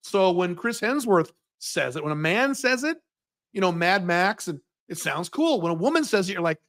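A man with a high, fairly bright, sing-song voice talks at normal speed during a livestream Q&A monologue. He's an American with a General American accent living in Dubai, answering viewer questions bluntly with profanity and mocking impressions.

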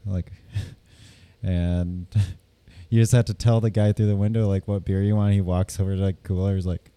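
A man's voice: sits low, flat delivery, normal speed, dark tone, clean tone, dry recording. A man co-hosting a podcast, rambling through stories and laughing often. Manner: giggly, rambling storyteller. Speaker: podcast co-host. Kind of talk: casual chat.

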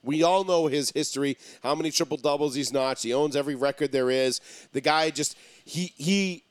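A man hosting a casual sports talk show, arguing his points emphatically with drawn-out pauses. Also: a little high, no room sound. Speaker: podcast host.

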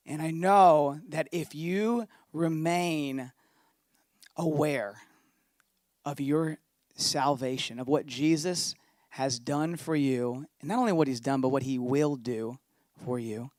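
A man's voice: fairly high pitch, slow pace, darkish tone, no room sound, studio quality. A man, a pastor preaching a sermon in a conversational, storytelling way.

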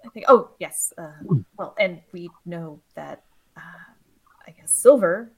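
A woman's voice: lowish voice, animated, unhurried, creaky, breathy edge, low-quality recording. A woman playing a tabletop game, talking casually and hesitantly, with many fillers. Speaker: player.

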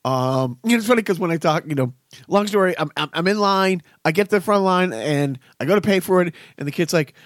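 A man's voice: sits high, expressive, a little fast, no echo, clean studio sound. A man in his fifties hosting a casual chat, telling rambling stories and laughing often. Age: 50s. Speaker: podcast host.

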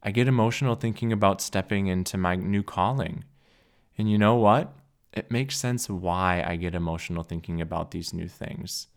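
Deep-voiced man, earnest podcast reflection. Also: creaky. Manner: earnest, heartfelt and measured. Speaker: podcast host. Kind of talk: reflective solo podcast monologue.

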